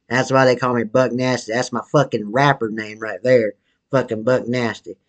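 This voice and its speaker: A crude, foul-mouthed slob of a man rambles in a slangy drawl, boasting that he is a rapper, as a man puts on the character. His voice sits at a middling pitch and drags along between drags on a cigarette. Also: fairly bright tone, lightly acted. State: smoking a cigarette while talking. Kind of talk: comedy sketch monologue.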